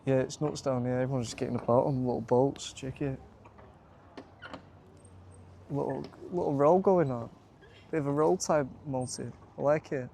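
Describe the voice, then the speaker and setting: A young Lancashire man talks straight into a handheld camera in a casual, excitable vlog. His voice sits at an ordinary middle pitch, and he keeps calling the viewer mate. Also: fairly quick, gravelly, a little hiss or hum. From North West England. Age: young adult. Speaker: vlogger pitching to bars.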